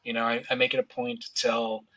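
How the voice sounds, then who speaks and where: A man in his thirties talks openly on a podcast, loose and conversational, with lots of "you know" and "dude". His voice is bright and forceful. The recording is slightly dull and lo-fi. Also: medium pitch, very animated, a little fast, creaky. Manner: candid, casual, says "you know" and "dude" a lot. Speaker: podcast guest. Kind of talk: emotional personal storytelling.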